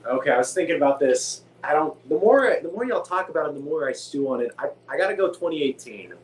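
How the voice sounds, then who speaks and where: A man on a podcast, talking casually and thinking his opinions through out loud. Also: fairly high pitch, expressive, fast, a little hiss or hum, low-quality recording. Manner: thoughtful, mulling out loud. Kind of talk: casual chat.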